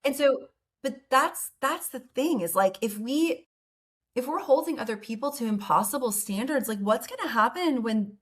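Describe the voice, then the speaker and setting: A woman's voice: a little high, lively intonation, normal speed, breathy edge. Earnest woman guest, chatty and open. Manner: earnest, frequent "like" and "right?". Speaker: psychologist guest. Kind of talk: casual interview conversation.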